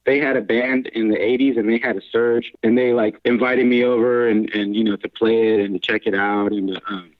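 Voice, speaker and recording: A man's voice: fairly low pitch, steady tone, a little fast, hardly any pauses. Man on a tinny phone line. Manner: rambling, restarts, frequent laughs. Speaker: guest, house music DJ and producer. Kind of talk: casual storytelling interview.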